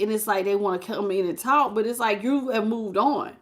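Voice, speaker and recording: A woman does a casual live tarot reading, speaking directly to the viewer and greeting people in chat. Her medium-pitched voice is brisk with few pauses.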